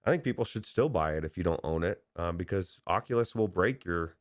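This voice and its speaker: Low-voiced male co-host, rambling casual chat, dry close sound. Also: animated, a little fast, no echo. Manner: rambling, hesitant, many fillers and restarts. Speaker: podcast co-host.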